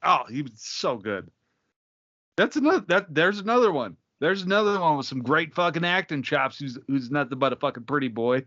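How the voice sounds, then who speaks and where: A man's voice: fairly high pitch, lively intonation, a little fast, bright, forceful tone, lo-fi sound. Profane, emphatic podcast co-host, man. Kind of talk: casual chat.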